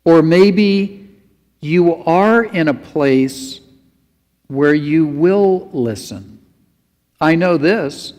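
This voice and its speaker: Male pastor, earnest sermon, fairly high voice, long hall echo. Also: expressive, very slow, pauses often, darkish tone. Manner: earnest, pleading exhortation.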